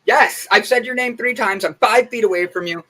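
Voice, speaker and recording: A man voicing his older mother, a blunt and feisty woman who snaps back with sharp comebacks. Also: on the high side, a little fast, voice pushed up. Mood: snippy.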